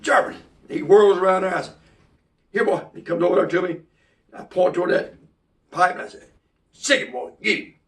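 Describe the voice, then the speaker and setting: A man's voice: high-pitched, vocal fry, distant mic. A man from South Carolina telling a folksy story, rambling along with restarts and asides.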